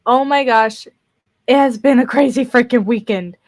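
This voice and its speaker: Live from her bedroom, a young woman chats on a casual stream at a normal pace, her voice a little high. Worn out, she wanders from thought to thought, repeating herself and laughing around her filler words.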